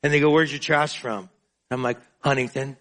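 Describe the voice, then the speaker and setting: A male preacher giving a sermon in an emotional, confessional way, often breaking into drawn-out spoken prayer. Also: medium pitch, fairly even intonation, fairly bright tone. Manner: emotional and confessional, praying aloud in drawn-out phrases.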